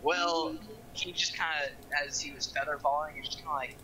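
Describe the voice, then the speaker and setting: A man playing a tabletop game, describing his character's moves in an animated, exclamatory way. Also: on the high side, brisk, slight background noise, rough recording. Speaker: player.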